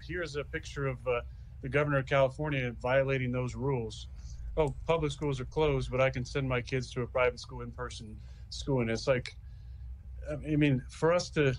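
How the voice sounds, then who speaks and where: A man's voice: medium pitch, rough recording. A man giving his frank opinion off the cuff, with some restarts. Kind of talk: casual spoken opinion.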